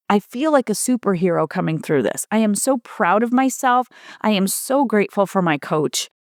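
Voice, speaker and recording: A middle-aged American woman hosts her own coaching podcast in a personal monologue, her medium-pitched voice recorded dry with clean studio sound. She speaks earnestly and from the heart, repeating points for emphasis.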